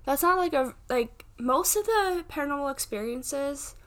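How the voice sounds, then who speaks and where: A woman's voice: high voice, expressive, normal speed, fairly bright tone. A woman in her twenties hosting a casual podcast, chatting in a rambling way with many fillers and restarts. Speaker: podcast host and paranormal investigator. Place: home.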